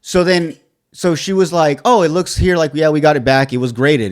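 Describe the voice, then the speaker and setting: This podcast co-host speaks on the high side with fairly even intonation at a moderate pace. In casual conversation he tells a frustrating story, swearing a lot and quoting both parties with exasperation.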